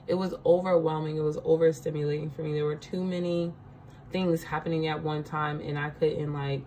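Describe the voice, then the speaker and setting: A woman's voice: deep voice, flat delivery, a little fast, dark tone, slight background noise, rough recording. A woman giving a casual spiritual card reading, chatty, laughing often and checking in with her listeners.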